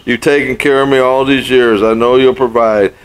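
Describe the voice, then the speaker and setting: A man's voice: medium pitch, steady tone, normal speed, clean tone, lightly acted, rough recording. A man voicing an elderly devout woman who praises over and over with fervent repetition. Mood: pleading.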